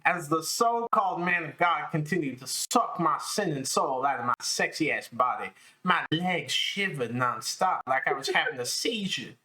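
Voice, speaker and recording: A man's voice: a little high, expressive, normal speed, sharp tone. A man co-hosting a podcast, doing a comedic reading of a crude novel and laughing as he goes. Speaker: podcast co-host.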